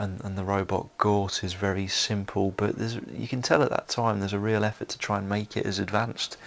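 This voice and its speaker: A man's voice: fairly low pitch, gravelly, fairly bright tone. A man giving a solo film commentary, rambling with many fillers and restarts.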